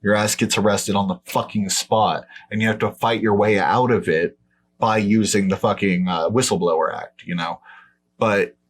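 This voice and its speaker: Male podcast host, lowish voice, blunt and profane, dismissive in casual debate.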